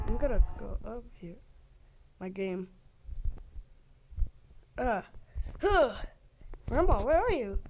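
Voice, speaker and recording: Excitable woman narrating gameplay. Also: on the high side, takes it slowly, pauses often, dull audio, faint music behind. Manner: excitable, swings between shouting and whispering. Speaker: game player.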